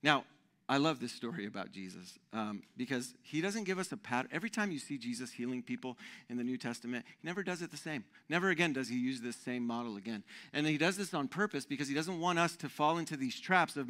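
Bright, animated male pastor preaching. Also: medium pitch, fairly quick. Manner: conversational, animated preaching with tag questions. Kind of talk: sermon.

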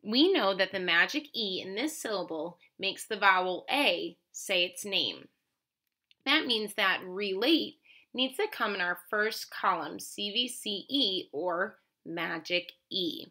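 A woman teaching a children's phonics lesson, enunciating words clearly and encouraging her listeners. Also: mid-range voice, expressive, takes it slowly, pushed and bright.

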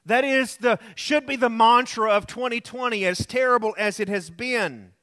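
A man's voice: very high voice, normal speed, fairly bright tone. A male pastor preaching alone in a room, earnest and repetitive, telling anecdotes. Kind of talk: sermon.

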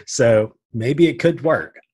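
A man co-hosting a casual podcast, his voice a little husky. He talks with a dry, sarcastic edge, at a middle pitch. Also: takes it slowly, darkish tone. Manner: wry and sarcastic. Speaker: podcast co-host.

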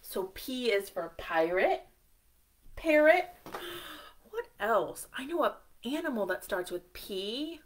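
A woman leading a live storytime for young children, slow and sing-song, encouraging them and asking them questions. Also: fairly high pitch, big pitch swings, a little hiss or hum. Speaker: children's librarian. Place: library storytime, streamed live.

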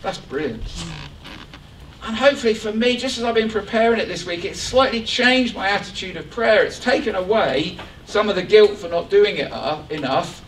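Man, preacher, lively joking sermon, faint room hum, distant mic. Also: high voice, normal speed. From England. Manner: animated, joking, rising excitement. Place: church hall. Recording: echoey church hall from far off.

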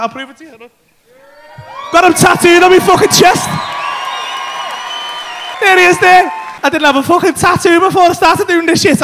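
A man doing an animated, sweary stand-up routine in a comedy club, with loud outbursts. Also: very high voice.

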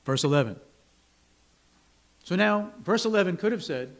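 A pastor with a high, animated voice preaches a sermon in a church sanctuary at a moderate pace, leaving long pauses. His style is conversational, checking in with listeners by often asking "right?", and he raises his voice to play complaining workers.

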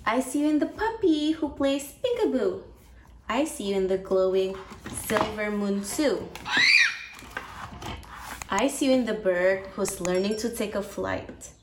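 A woman slowly and gently reading a picture book aloud to a baby, in a soft sing-song storytime manner. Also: medium pitch. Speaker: storybook reader. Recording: roomy echo with steady background noise.

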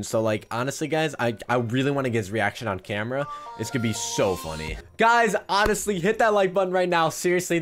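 A young man hosting an excited gaming vlog, hyped and often out of breath as he runs between rooms. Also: a little high. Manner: hyped, breathless, calls viewers guys and baby. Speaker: gaming YouTuber.

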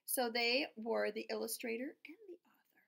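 Reading a picture book aloud, a woman keeps stopping for chatty asides to the listener between pages and acts out the animal sounds. Her voice is a little high and a bit bright, with vocal fry, at a moderate pace.

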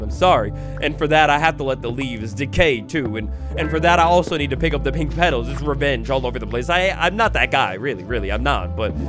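A young man giving playful Minecraft let's play commentary, excitable and theatrical, with mock outrage. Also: mid-range voice, fairly quick. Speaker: gaming YouTuber. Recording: faint background music.

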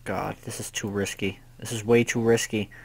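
A young man giving casual gameplay commentary, rambling and swearing, often panicking out loud. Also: on the low side, flat delivery, normal speed, gravelly, husky. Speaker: gaming youtuber.

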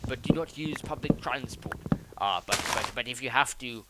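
A man's voice: medium pitch, normal speed, natural voice. A man doing a stammering politician. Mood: blustering. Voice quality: stammering, dithering with many filler sounds. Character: blustering, stammering older British male politician. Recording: loud background noise and clicks.

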